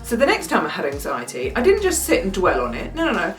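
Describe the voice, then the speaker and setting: A woman, doing a self-mocking comic monologue with wry deadpan asides. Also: lowish voice, fast, soft background music. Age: 30s. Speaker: comedian. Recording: roomy sound, mic at a distance.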